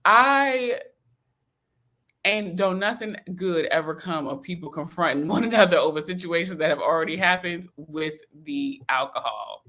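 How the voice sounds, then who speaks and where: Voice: medium pitch, expressive, moderate pace, sharp tone. A podcast co-host in casual reality TV recap chat, gossipy and emphatic, laughing often.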